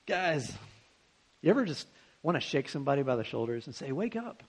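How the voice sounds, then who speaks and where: A man's voice: mid-range voice, lively intonation, a little fast. A young man preaching a sermon to students, in a conversational and earnest way, with rhetorical questions.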